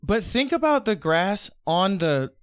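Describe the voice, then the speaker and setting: A young man co-hosting a podcast in casual chat, excitable and rambling, laughing often on a close mic. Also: sits high, measured pace, smooth, no echo. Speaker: podcast co-host.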